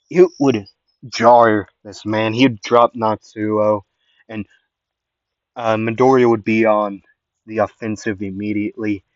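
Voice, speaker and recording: A man's voice: on the low side, no room sound, lo-fi sound. A man casually improvising a fan story, rambling with lots of fillers.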